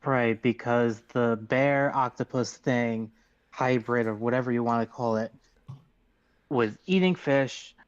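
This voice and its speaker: A man playing a tabletop game, rambling quickly and excitably in character. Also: mid-range voice, clean tone, highs cut off. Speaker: player. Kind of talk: in-character tabletop role-play.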